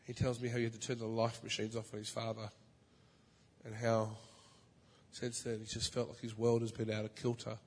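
A male preacher tells a story from the pulpit in an animated way, with his voice jumping up loud and high before falling back to a soft murmur. His voice carries the long, ringing reverb of a large church hall. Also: normal speed, slightly rough. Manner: animated, swings from loud high exclamations to soft low asides. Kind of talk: storytelling sermon.

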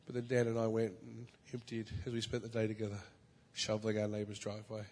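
A male preacher tells a story from the pulpit in an animated way, with his voice jumping up loud and high before falling back to a soft murmur. His voice carries the long, ringing reverb of a large church hall. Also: fast talker. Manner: animated, swings from loud high exclamations to soft low asides. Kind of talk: storytelling sermon.

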